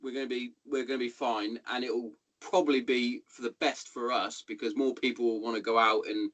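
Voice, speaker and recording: A man in his thirties with an English accent, hosting a podcast in casual, sweary, animated chat. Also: mid-range voice, a little fast, low-quality recording. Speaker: podcast host.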